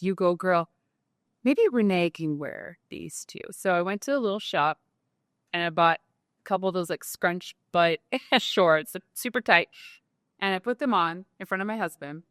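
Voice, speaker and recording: An animated woman talks as an interview guest, her mid-pitched voice quick and full of "like" fillers. The sound is dry and close, with no room echo. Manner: animated, talkative, many "like" fillers. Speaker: guest entrepreneur. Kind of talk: casual interview talk.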